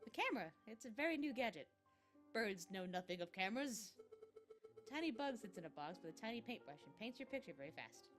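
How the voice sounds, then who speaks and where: A woman voicing a sweet, excitable young French cat woman in a game, high and bubbly. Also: brisk, soft background music. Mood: eager.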